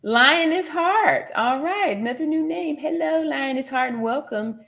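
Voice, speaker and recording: A woman's voice: high voice, expressive, a little slow, fairly bright tone. A woman nurse from California hosting a casual livestream, reading viewer comments aloud and laughing often. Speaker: livestream host reading chat.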